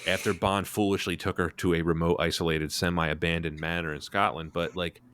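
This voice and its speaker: A man's voice: deep voice, little pitch movement, brisk, a bit bright, clean tone. A man hosting a podcast discussion, critiquing with sarcastic disbelief. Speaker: podcast host.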